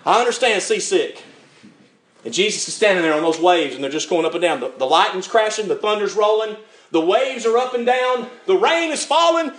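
An older man preaching a sermon, telling the story with lively acted-out voices and frequent chuckles. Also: high voice, brisk. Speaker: pastor.

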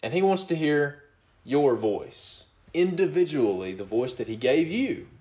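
A middle-aged pastor preaches in a chatty, down-home way, his pitch rising and falling with animation. He sits a bit high for a man and keeps breaking into small chuckles between points. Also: animated, unhurried, a little mellow, roomy sound. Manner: conversational preaching with frequent chuckles and "you know what?". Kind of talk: sermon.

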